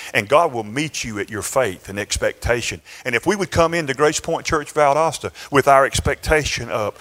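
A man's voice: mid-range voice, fairly bright tone. A male pastor, telling a story in his sermon in a conversational way, with chuckles and restarts. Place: church sanctuary.

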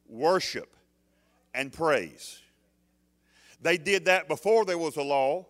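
A man's voice: on the high side, a bit bright. A man preaching a sermon as pastor, emphatic, often putting questions to the congregation.

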